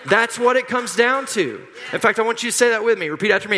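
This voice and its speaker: A man's voice: extremely high pitch, animated, fast, pushed and bright. A middle-aged man preaching a sermon, emphatic and repetitive, leading the congregation in call-and-response. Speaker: pastor. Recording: long hall reverb.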